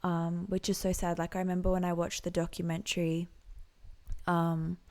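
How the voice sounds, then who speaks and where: Gravelly low-voiced woman musing softly. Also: monotone, normal speed. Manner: reflective, soft-spoken, drifting into whispered asides. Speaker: music reaction vlogger and singer. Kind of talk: casual reaction commentary.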